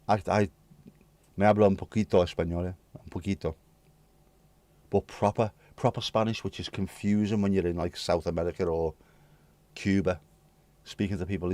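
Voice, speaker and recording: Deep-voiced British man rambling to chat. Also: dark tone, no echo. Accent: British English. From United Kingdom. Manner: rambling, cheeky, swearing jokes, reads and answers chat. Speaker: livestream host. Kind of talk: casual chat to live chat readers.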